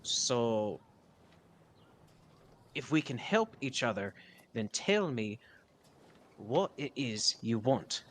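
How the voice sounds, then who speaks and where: A man's voice: medium pitch, sing-song, slow pace, long pauses. A man voicing a haunted, weary male sailor who hears a voice in his head, tired and resigned. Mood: pleading, frustrated.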